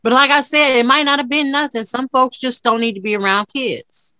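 A woman's voice: sits high, fairly even intonation, brisk, sharp tone, dry recording. A woman co-hosting a podcast, chatting casually and emphatically, repeating her points. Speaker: podcast co-host. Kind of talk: casual chat.

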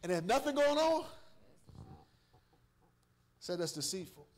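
A man's voice: high voice, sing-song, a little slow. A man preaching a sermon in a church with a Southern US accent, teasing and calling out to the congregation. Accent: Southern US, Georgia. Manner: call-and-response preaching with congregation, playful and teasing. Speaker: pastor. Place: church sanctuary.

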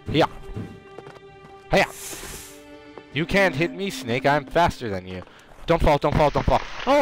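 A man doing excitable let's play commentary, trash-talking the enemies in his game. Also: on the high side. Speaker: gamer.

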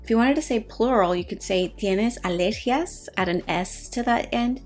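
A middle-aged woman, a nurse educator, gives an online lesson on medical phrases, slowing down and repeating each phrase for learners. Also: fairly high pitch, faint music behind.

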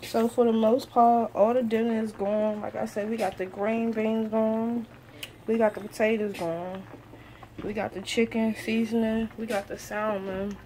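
A woman's voice: on the high side, level tone, measured pace, mellow, a little hiss or hum. A woman vlogging casually while she cooks dinner in her home kitchen, chatting to her viewers as she goes. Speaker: cooking vlogger. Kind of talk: casual cooking vlog. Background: music playing in the background.

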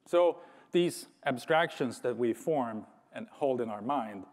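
This conference speaker takes it slowly, his medium-pitched, slightly mellow voice carrying lively intonation. Thoughtful with touches of humor, he often restarts his sentences, and the large hall gives the sound a reverberant quality.

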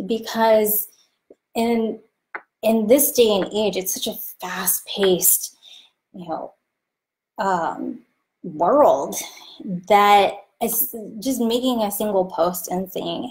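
A woman talking casually about careers and client relationships, chatty and animated, acting out the people she quotes. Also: mid-range voice, slow pace, long pauses. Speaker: vlogger giving career advice. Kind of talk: casual talk to camera.

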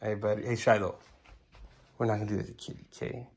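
A woman's voice: rumbling low, flat delivery, fast talker, a little mellow, a little hiss or hum. A young woman filming her kids at home on a phone, talking to them in a playful, coaxing, sing-song way. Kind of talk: casual home video chat. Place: living room at home.

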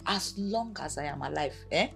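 A middle-aged Nigerian mother, soothes and reassures her daughter in a low, gentle voice with a Nigerian accent. Faint music plays behind her. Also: expressive, normal speed, vocal fry, full character voice, low-quality recording. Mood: comforting. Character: warm, comforting village mother. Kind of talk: Nollywood film acting.

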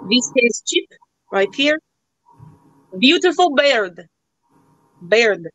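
A woman's voice: on the high side, big pitch swings, very slow, a bit bright, no room sound, low-quality recording. A young woman hosting a live online auction, joking around in a put-on broken-English accent. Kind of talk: live sale chat.

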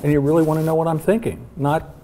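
Brief: male interview host, curious and affirming, mellow dark tone. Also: a little high, flat delivery, fast, slight background noise. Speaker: show host. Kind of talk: conversational interview.

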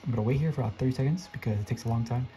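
A young man giving excitable live commentary while playing a game, his voice jumping up high when he gets scared. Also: rapid-fire, soft background music. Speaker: gaming video creator.

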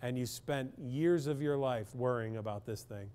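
A man's voice: medium pitch, normal speed, dark tone, clean tone. Blunt, joking man giving a talk. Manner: blunt, joking, speaks straight to the audience. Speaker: clinical psychologist giving a parent talk. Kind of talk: public talk to parents.

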